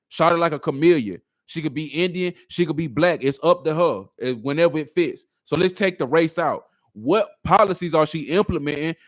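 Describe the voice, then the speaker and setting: A man's voice: on the high side, dry recording, clean studio sound. A man doing reaction commentary on a video clip, arguing through a string of rhetorical questions.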